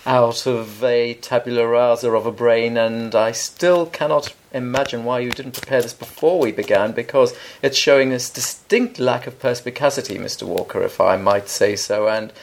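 A man's voice: mid-range voice, normal speed, few pauses. A man with a slightly scratchy voice, co-hosting a casual comic chat in a wordy, mock-pompous, teasing way. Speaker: podcast co-host.

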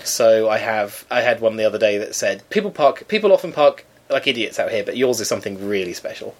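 Animated man telling a comic story. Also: lowish voice, brisk. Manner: animated, acts out other people's lines in a raised voice. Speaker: storyteller in a chat. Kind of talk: casual comic anecdote.

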